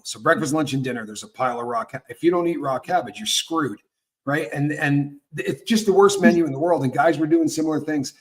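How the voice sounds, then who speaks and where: A man hosting a loose, unscripted morning talk show, with a slightly high voice for a man. He tells stories with many restarts and acts out what people said. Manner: storytelling with acted-out quotes and frequent restarts. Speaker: host. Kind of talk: casual live talk show chat.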